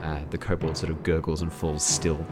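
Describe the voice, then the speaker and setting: A man acting as game master, narrating a tabletop game in a relaxed, chatty way and laughing often. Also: a bass voice, moderate pace, over music.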